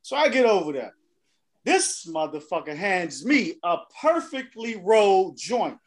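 A man's voice: high-pitched, sing-song, unhurried. A man co-hosting a podcast, telling a long, profane story in casual banter. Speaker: podcast co-host.

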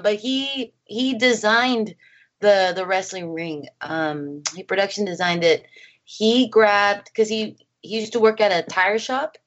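A woman filmmaker chatting as an interview guest, lively and full of acted-out quotes and laughter. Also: medium pitch, muffled recording. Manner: animated, acts out quotes, laughs often. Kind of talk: casual interview chat. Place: home.

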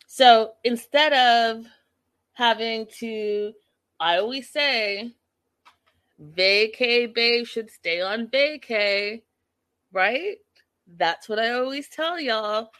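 A woman's voice: fairly high pitch, extremely slow, a bit bright. A woman casually recapping a reality show episode, chatty and opinionated, peppered with "like" and "you know".

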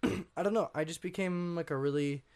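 A young man, a guest on an interview show, telling his story in a rambling, casual way, full of fillers and frequent throat clearing. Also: a little high, fast, a little mellow. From Washington state. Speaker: guest artist.

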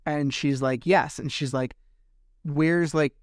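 A man's voice: a little high, fairly even intonation, takes it slowly, dry recording, studio quality. A man hosting a podcast, retelling events casually and animatedly, acting out quoted exchanges and swearing at times. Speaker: podcast host. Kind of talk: casual monologue recap.

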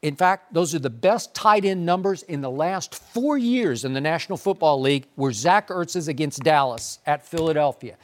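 A man's voice: a little high, expressive, moderate pace, hardly any pauses. Emphatic man arguing football. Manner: emphatic, argumentative. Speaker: sports debate host. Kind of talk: sports debate.

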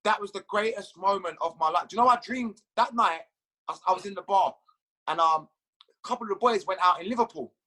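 Male guest with a raised voice, bright tone, chatty storytelling, swears, laughs at his own tales. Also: sits high, a little fast, rough recording. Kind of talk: casual storytelling.

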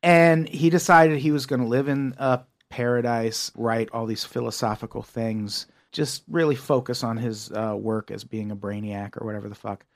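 A man chatting casually on a podcast, animated and profane as he recounts a documentary plot. His voice sits at an ordinary middle pitch. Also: normal speed, hardly any pauses. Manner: swears freely, animated storytelling. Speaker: podcast co-host. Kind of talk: casual chat.

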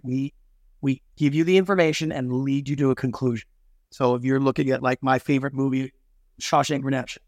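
A middle-aged man, a film producer and business consultant, chatting in an interview in a lively way and acting out quoted voices. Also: on the high side, dry recording, studio quality. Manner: animated, acts out quoted voices, many "like" fillers. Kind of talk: casual interview conversation.

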